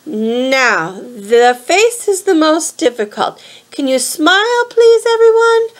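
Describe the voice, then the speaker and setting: A woman's voice: high-pitched, big pitch swings, takes it slowly, voice pushed up, full character voice. A woman voicing a genteel old female monster disguised as a kindly grandmother, speaking in a sweet, fussy way with lots of "dear.".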